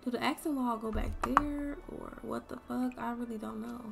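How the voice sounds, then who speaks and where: A young woman streaming a game, chatting casually to her viewers and swearing freely as she thinks out loud. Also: fairly high pitch, fairly even intonation, moderate pace, gravelly, over loud music. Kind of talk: casual gameplay commentary.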